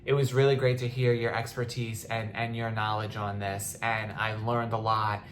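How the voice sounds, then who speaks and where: A woman's voice: extremely low pitch, level tone, moderate pace, a little hiss or hum. A young woman hosting a podcast, talking in a casual, impassioned way with many restarts, at times close to tears. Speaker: podcast host. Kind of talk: casual monologue.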